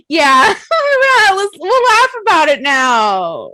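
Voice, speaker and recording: A woman's voice: high-pitched, huge pitch swings, a little slow, few pauses, pushed and bright, dry recording. A young woman co-hosting a casual podcast chat, self-deprecating and swearing, laughing often and acting out her own quotes. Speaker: podcast co-host.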